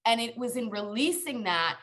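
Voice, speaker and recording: A coach appears as a guest on a podcast, telling her own story earnestly and emphatically while speaking straight to listeners. Her voice is on the high side, animated and fairly bright, at a moderate pace.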